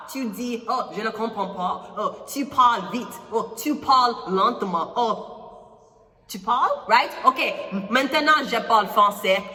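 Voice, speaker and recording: A woman's voice: mid-range voice, pushed and bright. Playful woman tarot reader in echoey room. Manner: playful, teasing and rambling, with frequent swearing. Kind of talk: casual tarot reading monologue. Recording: echoey room with long reverb.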